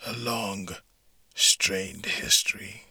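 A man voicing a battered, grim man who speaks in a hoarse voice, slowly. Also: low-pitched, pushed and bright, dry recording, voice pushed down, heavily acted.

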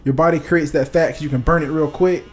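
A man in casual conversation, chatting in a loose, slangy way with quick interjections. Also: on the high side, steady tone. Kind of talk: casual podcast chat.

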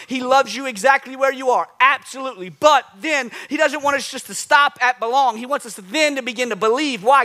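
A man preaching a sermon, telling animated stories and repeating phrases for emphasis. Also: extremely high pitch. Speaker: pastor.

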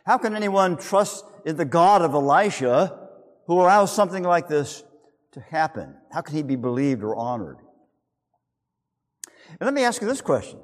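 Male pastor, fairly high voice, animated delivery, vivid storyteller, recorded with long hall reverb. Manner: vivid storyteller, asks rhetorical questions. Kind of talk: sermon.

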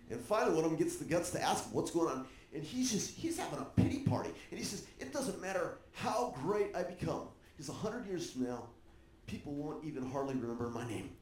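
A man preaching a sermon, animated and joking with the congregation. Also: high-pitched, roomy sound, a little hiss or hum. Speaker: pastor.

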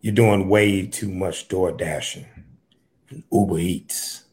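A tired, aggrieved husband home from a long shift, as a man acts him out. He complains in a low, exasperated voice. It is an improvised comedy sketch. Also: slow pace, a little mellow. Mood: pleading.

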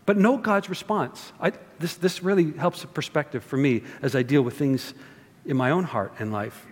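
A man's voice: fairly high pitch, moderate pace, husky. Male pastor, sermon, chatty asides to the congregation, long hall reverb. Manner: conversational, with rhetorical asides to the congregation.

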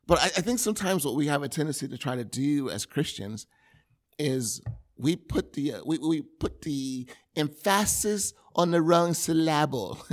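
A man preaching a sermon, animated and repetitive, asking rhetorical questions. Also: fairly high pitch. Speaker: pastor.

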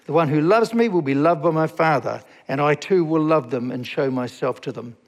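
A man preaching a sermon as a pastor, reading scripture slowly and asking the congregation questions. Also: fairly high pitch, long reverb tail.

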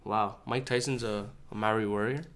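A man co-hosting a casual podcast chat with friends, loud and joking in quick banter. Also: on the low side, fairly even intonation. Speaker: podcast co-host.

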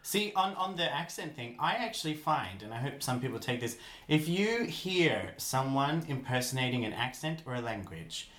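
Animated Australian man in a roomy space. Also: mid-range voice, normal speed, hardly any pauses. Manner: chatty, animated, joking. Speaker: podcast co-host. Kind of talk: casual podcast chat. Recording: roomy with faint background noise.

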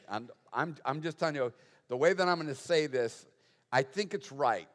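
A man's voice: mid-range voice, expressive, normal speed, long reverb tail. A man preaching a conversational sermon as pastor, asking the congregation rhetorical questions with touches of humor.

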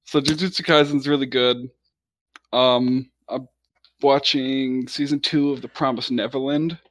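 A young man in casual chat about anime, relaxed and full of fillers like "um" and "like". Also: mid-range voice, unhurried, no echo, studio quality. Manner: relaxed, filler-heavy, laughs easily.

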